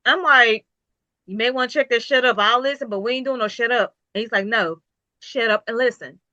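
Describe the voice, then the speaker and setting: A woman's voice: a little high, brisk, pushed and bright, no echo, muffled recording. A woman business owner talking in an interview, emphatic and preachy, with repetitive motivational phrasing. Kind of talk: casual interview talk.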